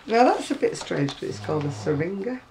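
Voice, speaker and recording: British woman crochet vlogger, gravelly mid-pitched voice, rambling and wry, faint hum behind. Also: expressive, brisk, a little mellow, low-quality recording. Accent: British English. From Britain. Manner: chatty, rambling, wry asides. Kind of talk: casual chat showing magazines. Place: at home.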